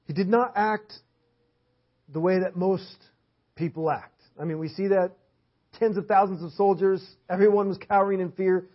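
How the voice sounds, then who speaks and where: This man's voice sits high, with fairly even intonation and a moderate pace, as he preaches in a church hall. His cadence is emphatic and repetitive, returning to key phrases to press his points. The sermon audio is dull and lo-fi.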